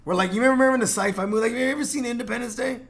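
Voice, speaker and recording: A man's voice: very high voice, very fast, vocal fry, a bit bright. A man from San Jose hosting a casual podcast chat, talking in a rambling, profane, heated way with many fillers and restarts. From San Jose, California. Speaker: podcast host.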